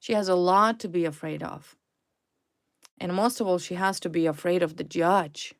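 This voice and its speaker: A woman's voice: on the low side, normal speed. A woman reading tarot cards to a viewer, blunt and emphatic, repeating her points and swearing freely. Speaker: tarot reader.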